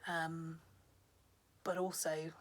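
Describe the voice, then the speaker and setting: A woman's voice: deep voice, little pitch movement, extremely slow. A woman telling folk tales in a casual storytelling video, chatty and full of asides. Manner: chatty, with many ums and asides.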